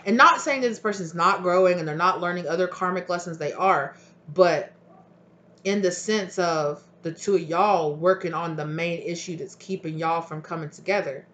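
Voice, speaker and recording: A tarot reader giving a casual intuitive reading, chatty and acting out both partners' voices in quick back-and-forth. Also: mid-range voice, fairly bright tone, lo-fi sound.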